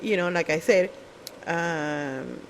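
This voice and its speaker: Casting: mid-pitched, blunt, swearing storyteller, non-native phrasing, sarcastic asides, faint noise behind. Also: slow pace, low-quality recording. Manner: blunt, profane, sarcastic, mimics other people. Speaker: show speaker. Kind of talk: casual storytelling monologue.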